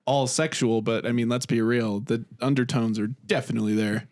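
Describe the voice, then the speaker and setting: Animated young man chatting on a podcast. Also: mid-range voice, moderate pace, no room sound. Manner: animated, laughing, acts out whispered bits. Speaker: podcast co-host. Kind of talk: casual chat.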